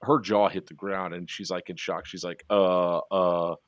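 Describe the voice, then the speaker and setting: A man's voice: deep voice, steady tone, normal speed, fairly bright tone, no room sound. A man hosting a casual online chat, telling rambling stories full of fillers and restarts. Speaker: podcast host.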